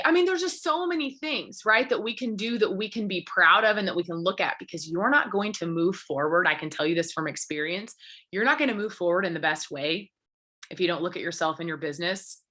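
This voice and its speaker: Earnest woman with a bright voice. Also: medium pitch. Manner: earnest, encouraging, rambling with fillers. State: briefly tearful. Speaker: business coach. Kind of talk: motivational talk to her team.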